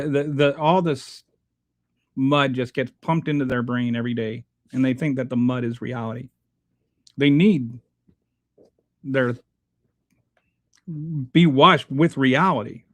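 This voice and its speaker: A man hosting his own show, reading viewer comments aloud and answering them in a halting, blunt, exasperated way, restarting his sentences often. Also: mid-range voice, no room sound. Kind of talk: casual unscripted commentary.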